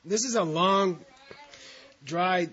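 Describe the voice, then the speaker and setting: Unhurried man teaching a class. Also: high voice, fairly bright tone, husky, highs cut off. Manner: counts aloud and reads syllables slowly, chatty asides. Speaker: language teacher.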